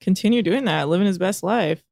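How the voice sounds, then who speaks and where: A woman's voice: medium pitch, fairly quick, gravelly, darkish tone, no room sound. Chatty sarcastic woman, dry sound. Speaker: podcast co-host recapping a reality show. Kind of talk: casual chat.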